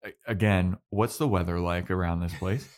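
Laid-back man with a lowish voice. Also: fairly even intonation, normal speed. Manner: laid-back, swears freely, acts out characters' lines. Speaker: podcast co-host. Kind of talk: casual chat recapping a TV episode.

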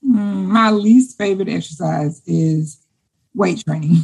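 A middle-aged woman, a guest in a casual interview, talking in a chatty, enthusiastic way and repeating words when excited. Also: lowish voice, unhurried, creaky, breathy edge, low-quality recording. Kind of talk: casual conversation.

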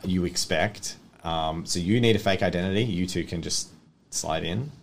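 A man narrating as game master in a relaxed, explaining way. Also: low-pitched, moderate pace, slight background noise.

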